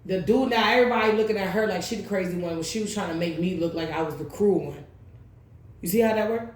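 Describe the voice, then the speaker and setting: A woman's voice: medium pitch, fast talker. Blunt woman in an echoey room. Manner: blunt, profane, rambling. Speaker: tarot reader, channel host. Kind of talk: casual storytelling vlog.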